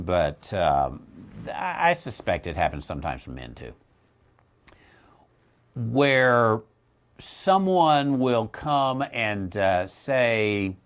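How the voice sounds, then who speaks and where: Wry, animated middle-aged male theologian. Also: on the low side. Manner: animated, wry, jumps into mocking voices. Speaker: theologian answering questions. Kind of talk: casual teaching talk.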